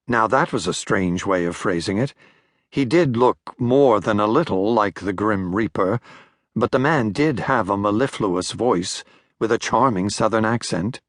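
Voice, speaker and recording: Measured older male narrator, dry studio. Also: fairly low pitch, no room sound. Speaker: audiobook narrator. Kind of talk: scripted narration.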